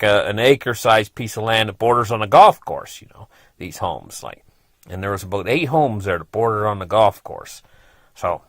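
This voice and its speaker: A man's voice: lowish voice, fairly bright tone, no room sound. A middle-aged man casually telling a personal story, rambling along with lots of "you know" and frequent chuckles.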